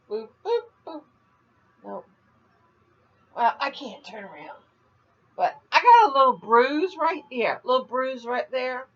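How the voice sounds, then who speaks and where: A woman's voice: mid-range voice, lo-fi sound. An older woman from Florida chatting casually on a home video vlog, rambling and laughing at her own jokes. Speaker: vlogger. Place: at home, indoors.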